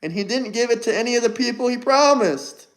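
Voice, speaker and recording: A man's voice: extremely high pitch, expressive, brisk, a bit bright, rough recording. A man hosting a casual livestream, firing mocking, combative replies at his chat. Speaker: livestream host.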